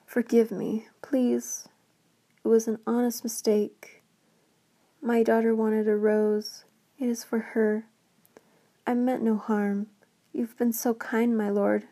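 A woman's voice: fairly high pitch, level tone, takes it slowly, pauses often, dark tone. Woman whispering as a frightened pleading father. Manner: stammering, pleading. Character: terrified pleading middle-aged father. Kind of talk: whispered role-play.

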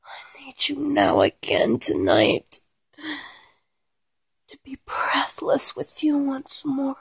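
A woman in a whispered role-play, speaking in a breathy, pleading whisper broken by soft sighs. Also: high-pitched, huge pitch swings, slow pace, no echo. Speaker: erotic audio performer.

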